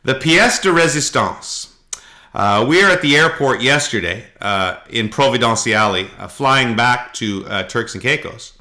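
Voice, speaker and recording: A middle-aged man from Canada, co-hosting a podcast and telling animated anecdotes in casual chat. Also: medium pitch, moderate pace, few pauses. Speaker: podcast co-host.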